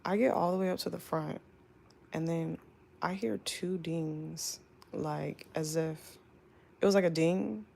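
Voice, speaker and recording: Chatty young woman with vocal fry. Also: low voice, a little slow, slight background noise. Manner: chatty, animated, lots of "like". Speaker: flight attendant. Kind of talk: casual storytime.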